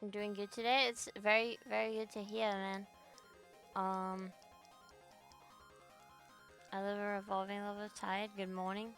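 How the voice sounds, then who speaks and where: Soft music sits under the medium-pitched, fairly bright voice of a young Australian woman VTubing from home. Her delivery is flat and unhurried, with frequent pauses, as she rambles, curses and rants in casual stream chat.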